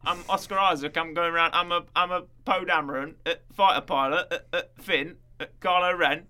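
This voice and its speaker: A man's voice: fairly high pitch, steady tone, a little fast, sharp tone. A man doing a goofy impression of a British-accented film character, rambling and repeating slangy words. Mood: goofy mocking. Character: exaggerated mock-British male film character.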